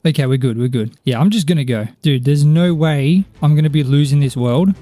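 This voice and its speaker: A young man giving excitable gameplay commentary as a video game streamer, often exclaiming and talking to the characters in the game. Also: fairly high pitch, fairly quick, no echo, soft background music. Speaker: Minecraft YouTuber.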